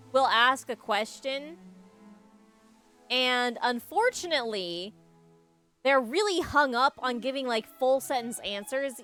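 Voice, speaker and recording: A woman's voice: fairly high pitch, pushed and bright. Woman, casual streamer, self-mocking banter, game music in the background. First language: English. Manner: chatty, joking and self-mocking with frequent laughs. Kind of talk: casual live-stream chat while gaming.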